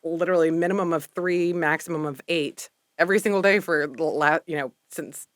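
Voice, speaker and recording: A woman's voice: deep voice, steady tone, a little fast, no echo, clean studio sound. A woman from Texas in her thirties with a mixed Texas and East Coast accent, chatting as a podcast guest and rambling with many fillers. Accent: mixed Texas and East Coast American. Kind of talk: casual interview chat.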